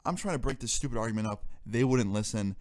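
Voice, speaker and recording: A man's voice: mid-range voice, fast talker. A young man telling a story in a casual storytime vlog, exasperated and swearing freely as he goes. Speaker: vlogger.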